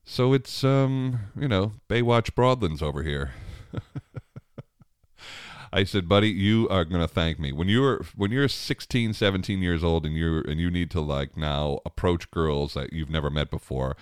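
Very deep-voiced man laughing through a story. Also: measured pace, clean tone, dry recording, studio quality. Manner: chuckles often, rambling with many restarts and fillers. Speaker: father telling a family story. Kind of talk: casual storytelling monologue.

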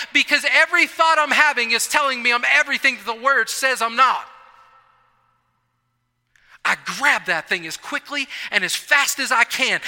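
A man's voice: very high voice, sharp tone. A male pastor preaching a conversational, humorous sermon in a church. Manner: conversational, humorous, repeats and restarts. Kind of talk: sermon with personal story. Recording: long reverb of a large hall.

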